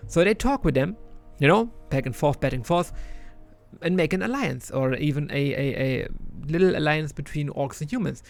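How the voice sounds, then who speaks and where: A man's voice: fairly high pitch, expressive, moderate pace, gravelly, faint music behind. A man retelling a game's story in a casual recap, with many restarts and fillers, loosely paraphrasing the characters. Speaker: gaming video host.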